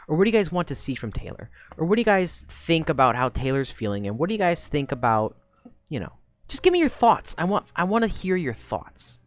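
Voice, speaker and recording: Animated young woman streamer chatting. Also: low-pitched, a little fast. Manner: energetic, rambling, swears casually. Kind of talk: casual live-stream chat.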